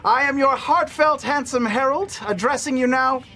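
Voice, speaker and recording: A man voicing a grandiose male herald who reads the news in booming, theatrical proclamations. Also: pushed and bright. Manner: booming proclamations, dramatic pauses.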